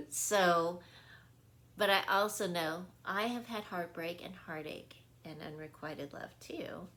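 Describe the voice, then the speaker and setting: A woman's voice: lowish voice, slow pace, pauses often, a bit bright. A woman speaking as a wellness coach in an earnest, casual spiritual talk, often checking in with her listeners and laughing easily. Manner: earnest, repetitive, checks in with "right?".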